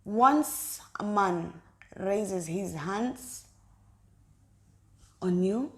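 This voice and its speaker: A woman's voice: mid-range voice, lively intonation, extremely slow. A woman co-hosting a relationship talk with her partner, speaking directly to viewers in a chatty, repetitive way. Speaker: co-host of a couple's channel. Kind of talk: casual chat.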